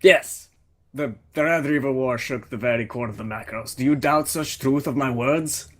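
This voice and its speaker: A man's voice: mid-range voice, normal speed, natural voice. A man voicing a savage, proud male Draken hunter warrior with a Russian accent, boastful and menacing, over voice chat. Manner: boastful, menacing, growled threats. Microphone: voice chat headset.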